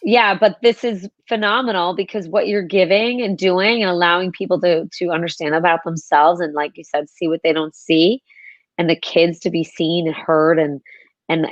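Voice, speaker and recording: A woman's voice: fairly low pitch, dry recording, lo-fi sound. A woman hosting an interview, affirming her guest and thinking aloud with many restarts. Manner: warmly affirming, rambling with restarts. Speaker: podcast host. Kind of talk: conversational interview.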